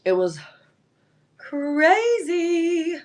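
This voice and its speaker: With a very high-pitched voice and an extremely slow pace, a woman hosts a live online sale over a little hiss or hum. She chats casually, telling animated stories packed with "like" and "um."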